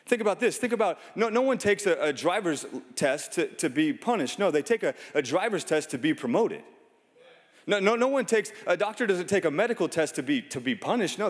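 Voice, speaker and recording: In the long echo of a large church sanctuary, a thirties-aged pastor preaches in a relaxed, storytelling style. His voice is a touch higher than most men's, and he often pokes fun at himself.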